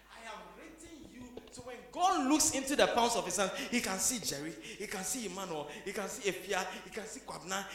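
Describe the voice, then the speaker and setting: A man preaching a sermon, moving from hushed passages up to shouted emphasis. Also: sits high, reverberant.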